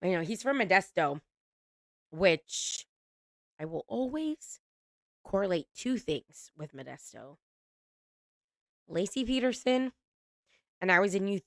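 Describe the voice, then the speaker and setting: Slow-talking chatty woman host. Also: lowish voice, dry recording, studio quality. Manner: chatty, laughs often, swears casually. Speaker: reality TV recap host. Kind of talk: casual recap chat.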